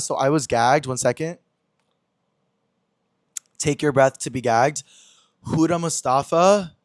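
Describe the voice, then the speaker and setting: Young male podcast host, slightly high voice, dry close sound; gossipy storyteller who acts out every line of dialogue. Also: no room sound. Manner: chatty, dramatic, slangy, acts out quoted dialogue. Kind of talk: casual storytelling chat.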